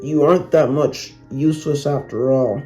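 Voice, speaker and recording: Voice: medium pitch, steady tone, moderate pace, darkish tone, faint music behind, close to an everyday voice. A narrator doing a stammering frightened lorry. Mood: sheepish. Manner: stammering, pleading. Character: rude male motor lorry, now scared and sorry. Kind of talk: storybook reading.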